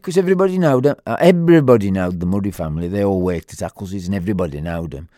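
A man with a Black Country English accent tells a rambling, humorous story in a chatty manner, full of fillers and quoted voices. His low-pitched voice is warm, expressive and quick, recorded in a clean studio with no room sound.

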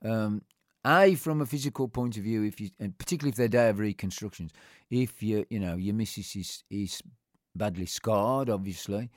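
Speaking at a normal speed in a lowish voice, a middle-aged interviewee reminisces about his life. His storytelling rambles and restarts frequently but stays heartfelt, and the audio is clean studio sound without any room sound.

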